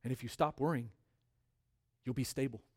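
A man preaching a sermon as pastor, stressing key words by repeating them and swinging between quiet drops and loud rises. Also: medium pitch, fairly even intonation, moderate pace.

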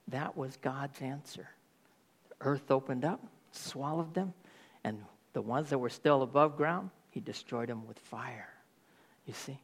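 A man's voice: on the high side, moderate pace, creaky. A man preaching a sermon, reading Bible verses aloud and paraphrasing them with emphasis.

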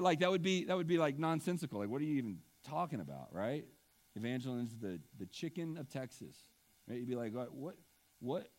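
Impassioned preacher, a man mid-sermon. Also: mid-range voice. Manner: impassioned, swings between loud emphasis and hushed asides; clears throat often. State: emotional. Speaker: pastor.

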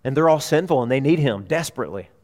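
A man preaching a sermon as a pastor in a church, emphatic, repeating key phrases and swinging between loud urgency and hushed tones. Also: mid-range voice, animated, fast talker.

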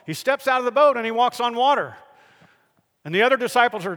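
A man preaching a sermon, telling the stories in a lively way and acting out the people in them. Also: sits high, fast talker, long reverb tail. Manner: animated storytelling, acts out the figures in the stories.

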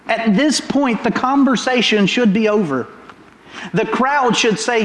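A middle-aged man preaching a sermon in a church, animated and full of rhetorical questions. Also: very high voice, unhurried. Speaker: pastor. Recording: roomy echoing hall.

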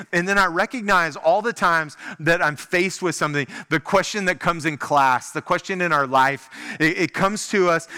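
A man whose voice is a little high gives a sermon that feels conversational and animated, packed with rhetorical questions.

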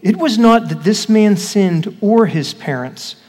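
A pastor with a fairly high voice reads scripture and then teaches it in an easy, question-asking way. He is heard in a church hall where his voice rings out with a long reverb. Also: expressive, measured pace, darkish tone. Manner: conversational, asks the congregation questions. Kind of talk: scripture reading and sermon teaching.

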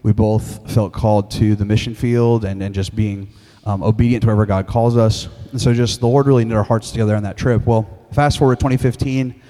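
A man in his thirties preaching a sermon as a pastor, candid and halting, with frequent restarts and fillers. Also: on the low side, fairly even intonation, mellow. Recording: long hall reverb.

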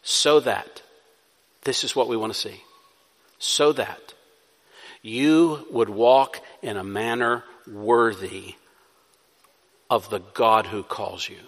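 A man preaching a sermon as pastor, moving between soft, pleading passages and loud, urgent exhortation. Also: on the low side, extremely slow, long pauses, big-room sound.

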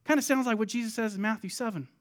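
A man with a high voice delivers a sermon. He acts out the people in his text with loud pleading, then drops to quiet, low asides. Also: rapid-fire. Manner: dramatic, voicing the people in the parable. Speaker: pastor.

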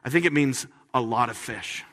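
A man preaching a sermon as a pastor, talking in a conversational way with playful, animated asides. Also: mid-range voice, moderate pace, big-room sound.

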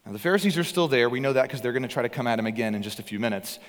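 A man preaching a sermon with earnest emphasis, his voice swinging between loud and hushed. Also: medium pitch, lively intonation, rapid-fire, in a large hall. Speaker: pastor.

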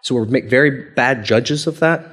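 A man preaching a sermon as pastor, conversational and playful, acting out quoted dialogue with big swings in voice. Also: normal speed. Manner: animated, acts out quoted dialogue with big pitch jumps; conversational, playful, chuckles often.

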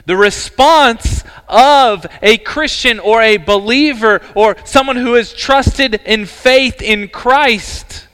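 A man preaching a sermon as pastor, earnest and emphatic, with dramatic pauses. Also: very high-pitched, fairly bright tone, clean tone. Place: church sanctuary. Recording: church hall reverb.

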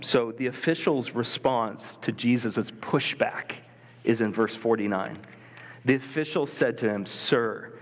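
Animated preacher in a reverberant hall. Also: male voice, medium pitch. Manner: conversational, animated, acts out biblical voices. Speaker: pastor. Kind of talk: sermon. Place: church sanctuary.

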